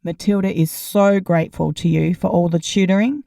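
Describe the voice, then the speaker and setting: A woman narrator voicing a kind, earnest father who talks eagerly and warmly about his family. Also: on the low side, fairly even intonation, moderate pace, gravelly, no room sound, studio quality.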